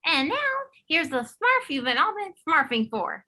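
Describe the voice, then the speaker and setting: A woman's voice: high-pitched, very animated, normal speed, pushed and bright, full character voice. A woman playing a sassy female Smurf co-host who delivers dry, teasing put-downs in a comedy sketch. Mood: announcing.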